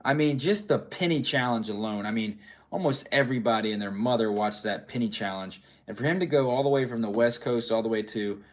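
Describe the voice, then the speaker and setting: Tired dad rambling on a livestream. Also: male voice, medium pitch, a little fast. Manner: rambling, repeats his phrases. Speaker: streamer reading viewer chat. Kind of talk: casual livestream chat.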